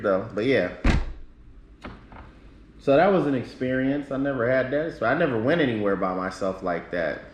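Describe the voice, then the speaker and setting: A man's voice: medium pitch, expressive, moderate pace, a little hiss or hum. A man streaming live, telling a long rambling story in casual talk full of swearing. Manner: rambling, profane, acts out quoted people. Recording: roomy echo.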